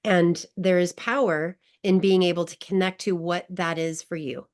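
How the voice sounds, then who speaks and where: A woman's voice: fairly low pitch, moderate pace. Emotional woman telling a personal story. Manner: emotional, animated, laughs often while telling a story. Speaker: grief recovery guest coach. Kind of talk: personal storytelling in an online class.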